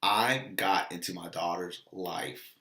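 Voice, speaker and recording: A man's voice: low voice, slow pace, pushed and bright, roomy sound. A man giving a casual, earnest motivational talk, repeating phrases and acting out bits of dialogue. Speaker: motivational vlogger and dog trainer.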